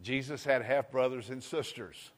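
A male preacher, rousing his congregation with call-and-response amens. He drops to a hushed murmur, then surges back loud. His voice sits at an ordinary male pitch and rings through a long hall reverb. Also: normal speed. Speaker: pastor. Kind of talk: sermon.

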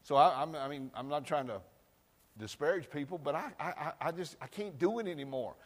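A man's voice: on the high side, lively intonation, fairly quick. Folksy preacher man in a reverberant church. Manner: folksy, swings from loud outbursts to quiet asides. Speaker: pastor. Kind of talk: sermon.

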